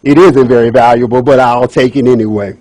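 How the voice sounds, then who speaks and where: A man voicing an ugly, greedy male elf in a told folk tale, with a sly, low bargaining manner. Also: steady tone, a little fast, a little mellow, dry recording, natural voice, poor audio. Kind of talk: storytelling speech.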